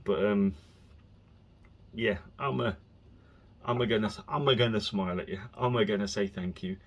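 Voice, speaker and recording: Male podcast host, husky voice, loose chatty monologue with bursts of exasperation. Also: lowish voice, moderate pace. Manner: rambling, chatty, breaks into exasperated rants. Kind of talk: casual solo podcast rambling.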